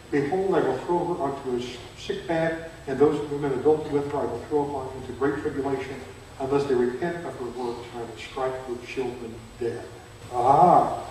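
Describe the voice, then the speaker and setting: An older man teaching a Bible seminar at a church, chatty, quizzing his listeners and turning loud and emphatic. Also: on the high side. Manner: conversational, asks the audience questions, grows loud and emphatic. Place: church hall. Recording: very echoey hall from far off, faint noise.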